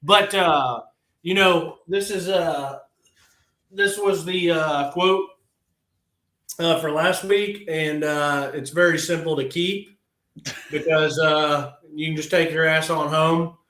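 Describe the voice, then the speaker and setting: A man's voice: fairly high pitch, steady tone, slow pace, a bit bright. Blunt, laughing man in a roomy space. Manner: blunt, frustrated, laughs often. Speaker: podcast co-host. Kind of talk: casual sports chat.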